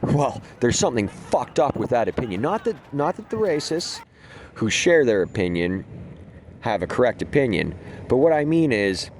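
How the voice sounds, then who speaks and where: A man's voice: medium pitch, very animated, normal speed, darkish tone. Guy swearing a lot while he rambles over gameplay, voice jumps up and down, bit of hiss behind. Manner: profane, rambling, laughs at own stories. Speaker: gaming video host. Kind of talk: casual storytelling over gameplay.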